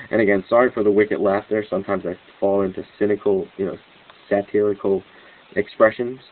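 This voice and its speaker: A man giving a rambling, excitable commentary monologue as host of his own news channel, with restarts and cynical laughs. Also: fairly low pitch, brisk, a little hiss or hum. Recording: tinny phone-like line.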